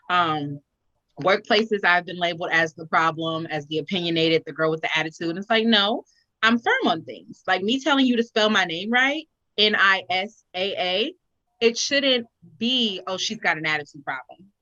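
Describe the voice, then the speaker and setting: A young woman with a bright, forceful voice talks casually and tells her stories with lively expression. The sound is dry and a little dull, like a close but lo-fi recording. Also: lowish voice, moderate pace, no room sound. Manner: animated, expressive storytelling. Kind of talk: casual chat.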